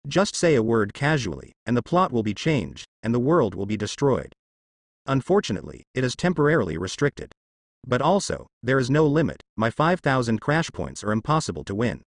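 A man voicing a cocky, scheming teenage boy ninja in a storybook narration, brash and excited. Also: medium pitch, a little fast, no room sound, clean studio sound.

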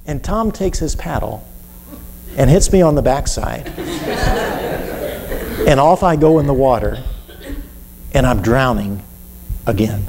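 A man preaching a sermon, telling a story with animated delivery and acting out cries for help. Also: fairly high pitch, a little slow, long pauses, a little hiss or hum. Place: church. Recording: reverberant church hall with faint ambience.

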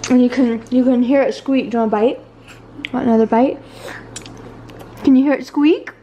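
A woman's voice: fairly high pitch, fairly even intonation, normal speed, highs cut off, a little hiss or hum. A young woman hosting a family vlog at home, chatting casually and talking baby talk to her toddler. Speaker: vlog host and mother. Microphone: handheld camera.

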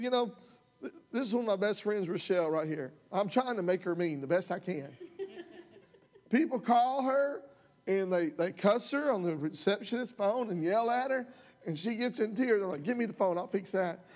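Male pastor, high voice, impassioned folksy sermon, long hall reverb. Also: expressive, moderate pace. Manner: impassioned, folksy, rising to loud outbursts. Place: church sanctuary.

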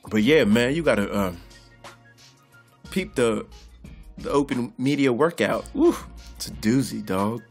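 A man's voice: medium pitch, lively intonation, a little slow, pauses often, faint music behind. Boisterous laughing man riffing on boxing. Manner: boisterous, profane, laughs a lot, preacher-style call-outs. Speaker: boxing vlogger. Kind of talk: loud comedic boxing commentary.

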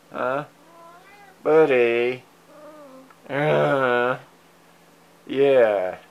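Slow, smooth-voiced man coaxing his cats. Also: on the high side. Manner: fond, coaxing pet talk, meows at the cats, soft chuckles. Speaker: cat owner filming his pets. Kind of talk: casual talk to his cats. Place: at home indoors. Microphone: handheld digital camera mic.

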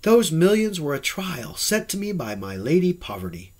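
A man's voice: a little high, sing-song, moderate pace, a little mellow, pitched above the performer's own voice. A man doing an eager young dreamer. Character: lanky, exuberant young male dreamer.

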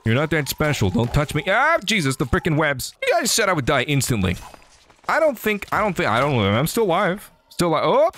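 A man giving excitable, joking commentary over his gameplay, often talking back to enemies on screen. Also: mid-range voice, a little hiss or hum. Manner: excitable, jokey, talks to enemies. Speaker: gaming YouTuber. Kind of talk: game commentary.

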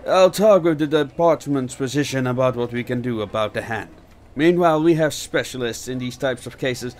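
A man doing a brisk police chief. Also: mid-range voice, darkish tone, slight background noise, lightly acted. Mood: reassuring. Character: gruff middle-aged male police chief, businesslike. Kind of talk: audiobook character voice.

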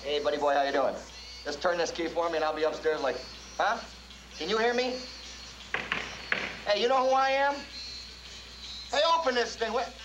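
An actor playing a pushy young man who wheedles and shouts as he tries to bribe his way through a door, in a film drama. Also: fairly high pitch, fairly even intonation, normal speed, pauses often, roomy sound, lo-fi sound, noisy background, close to an everyday voice. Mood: wheedling.

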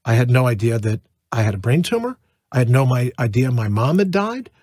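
Male podcast guest, emphatic and lively, husky voice, dry sound. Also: medium pitch, fairly quick, no echo. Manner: emphatic, animated storytelling. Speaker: interview guest. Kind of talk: conversational interview.

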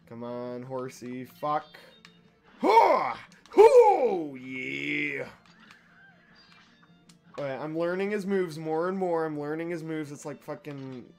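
A young man giving casual let's-play commentary, profane and excitable, trash-talking the boss and yelling when he wins or loses. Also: on the high side. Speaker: gaming YouTuber.

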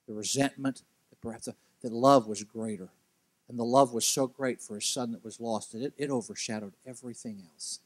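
A man preaching as a guest speaker at a church, telling a story with lively, animated delivery. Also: dry recording. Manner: animated storytelling, acts out characters' quotes with big pitch jumps. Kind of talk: sermon.

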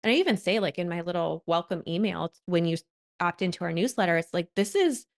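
A woman podcast host talking in a casual, heartfelt way, with "like" dropped all through her sentences. Her voice sits on the lower side for a woman. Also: lively intonation, a little fast. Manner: heartfelt, frequent "like" fillers. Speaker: podcast host and wellness coach.

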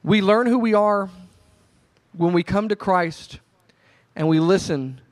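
A male pastor preaching a sermon, told in a relaxed, conversational storytelling way. His voice sits a little high for a man. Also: slow pace. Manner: conversational storytelling, animated retelling.

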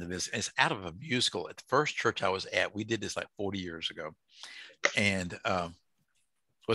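A folksy older man with a drawl leads a Bible study, tossing questions to his group. His voice sits low and comes across bright and forceful, close and dry with no room echo. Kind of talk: casual Bible study teaching.

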